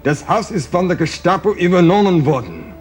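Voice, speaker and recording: An actor playing a cold, curt German stormtrooper who answers the phone in terse, clipped replies. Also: male voice, high voice, animated, a little fast, faint music behind. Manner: terse and clipped, brushing off the caller. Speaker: stormtrooper answering a seized house.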